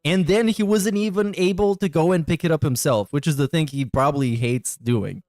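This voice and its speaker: A man's voice: a little high, moderate pace, a little mellow, no echo, clean studio sound. A man in casual podcast banter, blunt and dismissive, swearing freely.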